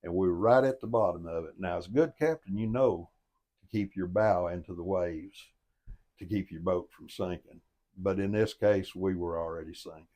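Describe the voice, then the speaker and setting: Very deep-voiced older man telling a story. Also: moderate pace, dark tone. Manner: folksy, plain-spoken, earnest. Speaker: storyteller and life coach. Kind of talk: motivational storytelling.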